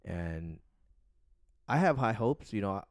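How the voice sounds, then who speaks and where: A man with a very low voice co-hosts a casual podcast. He rambles in a relaxed, meandering way and drops swear words freely. The sound is dry and close. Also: measured pace, dry recording. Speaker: podcast co-host.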